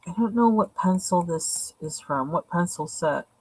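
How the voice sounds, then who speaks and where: Low-voiced woman chatting casually. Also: lively intonation, measured pace, breathy edge, poor audio. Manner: chatty, rambling, thinking aloud. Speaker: coloring channel host. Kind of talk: casual show-and-tell.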